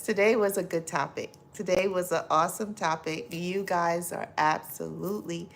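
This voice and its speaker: A middle-aged woman hosts a casual livestream and reads comments to her viewers. Her voice sits a little low. She is effusive and bursts into loud laughter easily. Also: a little hiss or hum. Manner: warm, effusive, laughs often and loudly. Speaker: livestream host.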